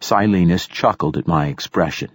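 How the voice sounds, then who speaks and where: Deep, husky male audiobook narrator. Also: no room sound, clean studio sound. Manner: measured and descriptive. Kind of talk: first-person audiobook narration.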